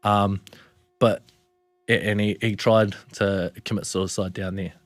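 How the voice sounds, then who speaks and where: A man's voice: fairly low pitch, little pitch movement, a little slow, no room sound. A young man with a New Zealand accent, a podcast guest telling a personal story in a laid-back way, swearing and calling people "bro". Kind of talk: casual storytelling.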